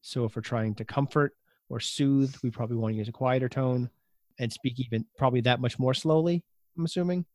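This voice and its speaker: A man's voice: medium pitch, fairly quick, darkish tone, no echo, studio quality. A man hosting a podcast interview, thinking aloud and rephrasing his guest's advice in his own words. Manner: thoughtful, summarizes and rephrases the guest's points. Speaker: podcast host. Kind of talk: conversational interview.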